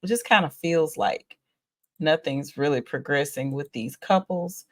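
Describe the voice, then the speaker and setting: A woman's voice: deep voice, a little slow. A woman hosting a casual reality show recap, chatty and exasperated, sighing and laughing as she talks.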